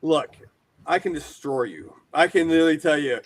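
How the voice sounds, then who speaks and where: Animated American man telling stories. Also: fairly high pitch, quick pace. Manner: animated, rambling storyteller with many fillers. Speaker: guest, horror collector and shop owner. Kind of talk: casual storytelling interview.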